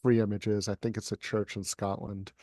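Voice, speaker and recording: A man's voice: on the low side, little pitch movement, moderate pace, warm tone, dry recording. Man reciting poetry over a dry call. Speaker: poet reading at a livestream event. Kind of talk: dramatic poetry recitation, then casual chat.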